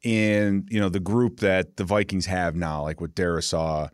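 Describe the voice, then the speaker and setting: A middle-aged man with a fairly low voice hosts a casual sports chat. He tells animated stories, often stopping and restarting his sentences. The recording is close and dry. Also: smooth, dry recording. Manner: animated storyteller, halting restarts. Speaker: host, former pro football player.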